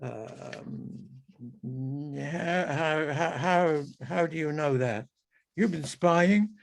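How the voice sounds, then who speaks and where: A man reading his own fiction aloud over a video call as a halting, musing first-person character monologue. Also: on the high side, vocal fry. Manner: halting, musing, talks to animals and people in the scene.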